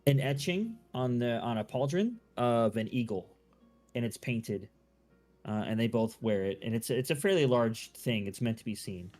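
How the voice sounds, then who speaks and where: A man's voice: mid-range voice, expressive, normal speed, a little mellow, faint music behind. A man running a tabletop game as game master, narrating loosely with many fillers and restarts.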